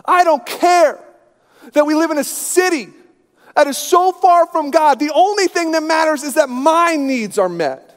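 Male pastor voicing a whiny toddler girl: shrill, stubborn, tearful, long reverb. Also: animated, unhurried. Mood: petulant. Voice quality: high wailing, tearful. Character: whiny three-year-old girl, stubborn.

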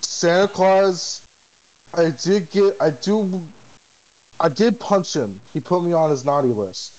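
A man's voice: high voice, expressive, measured pace, a little mellow, muffled recording. A man playing a tabletop wrestling game, talking goofy and simple-minded in character. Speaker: player.

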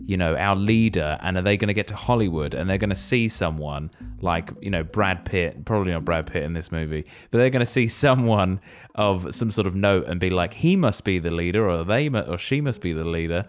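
A man co-hosting a podcast in casual chat, enthusiastic and speculative as he thinks out loud. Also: deep voice, a little fast, clean tone, faint music behind. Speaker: podcast co-host.

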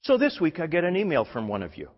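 A man preaching a sermon with emphatic force, often backing up and restarting his sentences. His voice is husky and slightly breathy. The recording is dull and carries a long hall reverb. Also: on the high side, wildly swooping pitch, fast talker. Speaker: pastor. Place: church hall.

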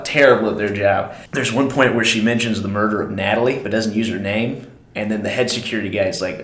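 A man's voice: on the low side, steady tone, quick pace, a bit bright. A man co-hosting a casual movie podcast, talking in a laid-back way with casual slang like "dude" and "man". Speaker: podcast co-host. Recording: roomy echo.

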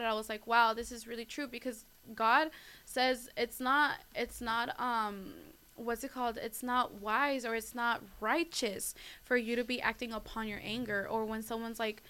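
Chatty young woman, slightly high voice. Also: steady tone, moderate pace, pushed and bright, smooth. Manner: chatty, lots of fillers and "like", laughs at herself; addresses listeners as "guys". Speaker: host of a faith talk. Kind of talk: casual devotional talk.

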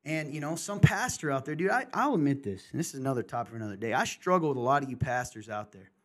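A man's voice: medium pitch, expressive, quick pace, fairly bright tone. A middle-aged man hosting a podcast, talking candidly and passionately in casual chat, in bursts and restarts. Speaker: podcast host.

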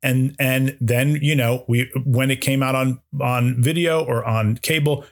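A man's voice: medium pitch, steady tone, measured pace. A man co-hosting a podcast, chatting casually and eagerly about films, with frequent word repeats. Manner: enthusiastic, repeats words, does little voices in anecdotes. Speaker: podcast co-host. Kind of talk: casual film discussion.

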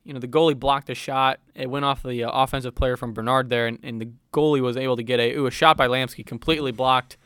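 Young man, mock play-by-play commentator, bright forceful voice, smooth and clear, dry close sound. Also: mid-range voice, steady tone, fast talker, hardly any pauses, no room sound. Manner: mock-serious broadcaster tone with fillers.

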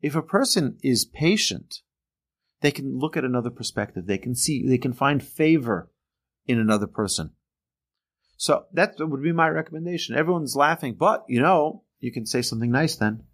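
A man, a rabbi, giving an informal class on character traits in a conversational, animated way, often acting out quoted speech. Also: mid-range voice, normal speed. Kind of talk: informal Torah class lecture.

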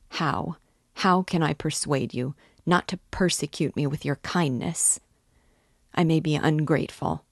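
A woman's voice: low voice, no echo, clean studio sound. A woman reading as a bitter, feverish young man. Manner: bitter, pleading, pushing the friend away.

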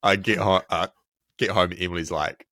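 New Zealand man, very low voice, dry close sound, rambling casual podcast co-host. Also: steady tone, a little fast, pushed and bright, no echo. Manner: loose and rambling, with many fillers. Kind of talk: casual chat.

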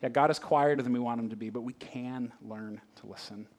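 A man's voice: medium pitch, fairly quick, a little mellow, slight background noise. A middle-aged man preaching a sermon in a conversational way, full of asides and rhetorical questions. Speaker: pastor.

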